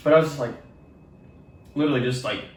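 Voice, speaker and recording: A man's voice: medium pitch, fast talker, very noisy. A young man telling rambling, profane stories in a casual podcast chat. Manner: rambling, profane, animated retelling. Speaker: podcast co-host. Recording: echoey room from far off.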